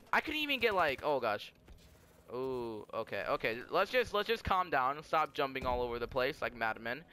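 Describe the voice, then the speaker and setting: A young man talks through a live game session in a rambling, excitable way, backing up and restarting his sentences. His voice sits high and sounds bright and clean. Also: clear, resonant tone. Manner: rambling, self-correcting, excitable. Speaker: gaming commentator. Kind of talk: live gameplay commentary.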